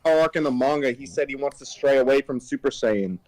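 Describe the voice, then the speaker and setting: A man in a casual chat, explaining his point calmly and patiently. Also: medium pitch, a little fast, no echo, low-quality recording.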